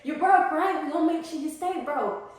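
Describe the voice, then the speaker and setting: A woman's voice: sits high, moderate pace, pitched above the performer's own voice, natural voice. A woman voicing the universe as a sassy, taunting female figure who talks in slang. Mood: mocking. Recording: echoey room, voice off-mic.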